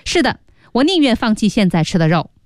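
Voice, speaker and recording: A woman hosting a bilingual radio English lesson, repeating and explaining phrases slowly. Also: mid-range voice, sing-song, no echo. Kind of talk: bilingual teaching chat. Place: radio studio.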